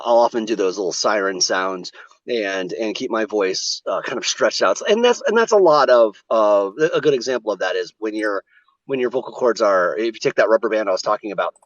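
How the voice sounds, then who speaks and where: A man's voice: fairly low pitch, lively intonation, fairly quick, no room sound. Man explaining voice technique, muffled. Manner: explanatory, demonstrates vocal technique. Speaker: voice actor. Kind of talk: remote interview.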